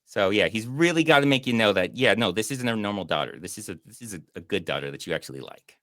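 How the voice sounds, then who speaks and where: A man's voice: fairly low pitch, animated, fast talker, a bit bright, dry recording, studio quality. A man hosting a casual movie review show, making sarcastic, mocking comments about a film. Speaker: podcast host and movie reviewer.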